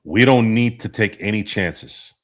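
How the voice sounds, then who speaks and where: A man hosts a loose sports talk stream and answers the live chat. His voice sits a little low. He rambles from one story to the next, swearing freely and laughing at his own jokes. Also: a little slow, a bit bright. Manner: rambling, profane, laughs often. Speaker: podcast host.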